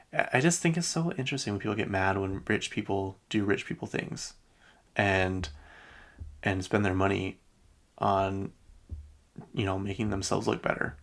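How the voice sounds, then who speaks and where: A podcast host, a man with a low, gravelly voice, talks through pop-culture gossip in a loose, rambling way. He restarts often and leans on fillers, sounding opinionated and mildly exasperated as he makes his points. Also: a bit bright. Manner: rambling, heavy use of "like" and restarts. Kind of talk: casual pop-culture chat.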